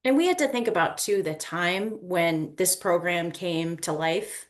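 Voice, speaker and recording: A woman co-hosts a podcast in easygoing conversation, with a somewhat low voice. She is chatty and animated, tells stories, and sprinkles in "you know" and "like". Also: measured pace. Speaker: guest co-host. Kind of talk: casual chat.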